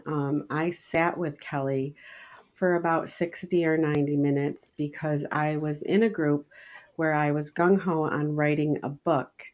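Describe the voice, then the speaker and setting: A woman in her fifties co-hosts a podcast and tells a personal story earnestly. Her voice sits very low for a woman. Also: darkish tone. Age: 50s. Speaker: podcast co-host. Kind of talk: casual interview chat.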